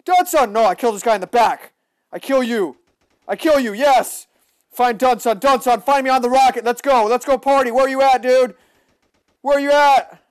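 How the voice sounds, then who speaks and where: A young man giving excitable live commentary on a shooter game, often yelling at opponents. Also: extremely high pitch, normal speed, clear, resonant tone, dry recording, studio quality. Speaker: livestreaming gamer.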